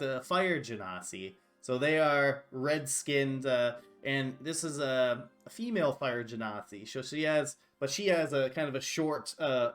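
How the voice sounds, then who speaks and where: A man's voice: medium pitch, fairly bright tone. A man narrating as game master in a tabletop game, describing scenes loosely and laughing often.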